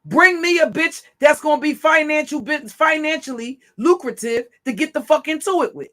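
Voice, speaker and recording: Give me a woman livestream host ranting at her chat: cursing, taunting and confrontational, with a high, bright, cutting voice. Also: normal speed.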